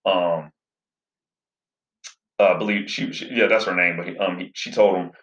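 A man's voice: sits low, steady tone, normal speed, fairly bright tone. A man casually recapping a movie plot in a rambling way, full of fillers. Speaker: movie reviewer. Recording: roomy, slightly dull sound.

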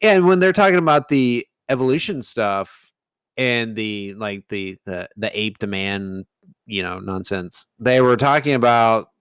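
Wry low-voiced man in a movie chat. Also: unhurried, fairly bright tone, clean tone, dry recording. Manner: wry, questioning, trails off and laughs often. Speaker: podcast co-host.

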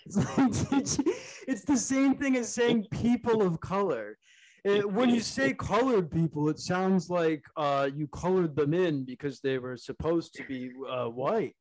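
A man's voice: high-pitched, lively intonation, measured pace, a little mellow. A young man co-hosting a casual comedy podcast, rambling through crude jokes, swearing often and laughing at his own lines. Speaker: podcast co-host.

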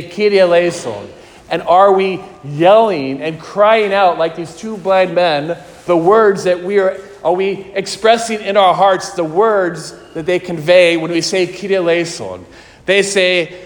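Male preacher, earnest sermon delivery, long church-hall reverb. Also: sits high. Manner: slow, earnest, questioning delivery.

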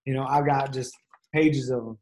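A man hosting a casual interview over a video call, speaking haltingly with many restarts. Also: medium pitch, steady tone, darkish tone, slight background noise. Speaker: interviewer, host.

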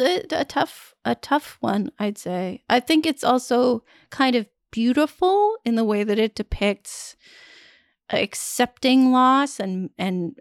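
A woman's voice: high-pitched, no room sound, studio quality. A woman co-hosting a podcast, reviewing a film in casual chat and laughing often.

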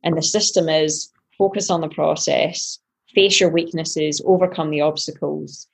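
Casting: lower-pitched husky woman, pro athlete guest, animated storyteller who replays her own thoughts. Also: moderate pace. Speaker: professional triathlete guest. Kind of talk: podcast interview storytelling.

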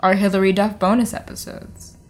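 A woman's voice: medium pitch, level tone, brisk, darkish tone. A young woman co-hosting a podcast in casual chat, rambling and giggly with lots of fillers. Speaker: podcast co-host.

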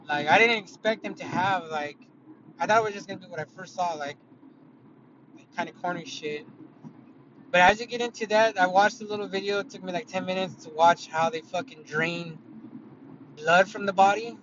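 High-voiced man rambling over car noise. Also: brisk. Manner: rambling, heavy swearing, many fillers. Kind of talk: casual storytelling. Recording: dull lo-fi audio with loud car noise.

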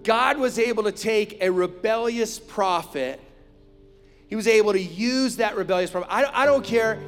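A man's voice: high-pitched, long reverb tail. A man preaching a sermon, emphatic, with frequent rhetorical asides to his listeners. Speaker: pastor.

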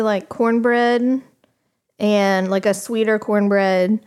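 Slow-talking woman with a smooth voice. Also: medium pitch. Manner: relaxed, drawn-out explaining. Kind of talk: casual chat.

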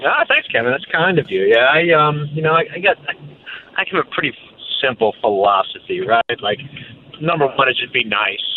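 A man in his thirties with a Southern US accent, a guest talking casually over the phone in a relaxed, hesitant way with many fillers. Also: medium pitch, fairly quick, slight background noise. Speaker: guest, track executive. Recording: tinny phone line.

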